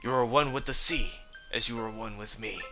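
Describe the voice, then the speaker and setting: A man's voice: mid-range voice, a little fast, soft background music, lightly acted. A man doing a grieving old sailor bomb. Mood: sorrowful. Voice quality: soft, hushed and mournful. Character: old male sailor bob-omb, grieving widower.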